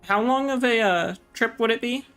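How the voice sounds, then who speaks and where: A woman's voice: fairly high pitch, normal speed, a bit bright, clear, resonant tone, faint music behind. A woman playing in a tabletop game, asking questions and giggling. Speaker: player. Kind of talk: casual chat in a tabletop game.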